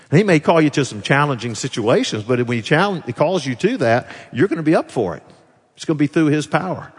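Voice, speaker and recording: An earnest man delivers a sermon in a speaking voice of middle pitch. He asks the congregation questions and slows down to linger over lines of scripture. His voice carries the long reverb of a large hall. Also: slightly rough. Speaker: pastor.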